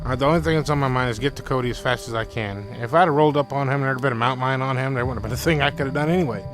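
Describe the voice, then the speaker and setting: Talking very fast in a mid-range voice over poor audio, a young man rambles about a scary personal story, repeating himself and quoting his friend in excited bursts. Faint music sits underneath.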